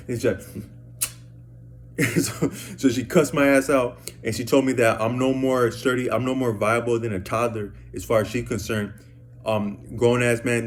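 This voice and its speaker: A man's voice: medium pitch, slight background noise. A man telling a rambling story to the camera, stammering and repeating words in casual slang. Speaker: vlogger.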